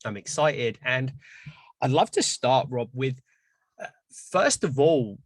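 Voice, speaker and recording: A man's voice: mid-range voice, expressive, slow pace, no echo. A man hosting a podcast, introducing his guest in an enthusiastic, rambling chat with plenty of fillers. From not from Canada. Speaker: podcast host. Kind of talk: casual interview chat.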